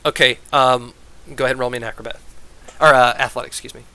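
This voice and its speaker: Bright-voiced man running a tabletop game. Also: mid-range voice, fairly even intonation, quick pace, clean tone. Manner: casual, loose, lots of fillers. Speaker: game master.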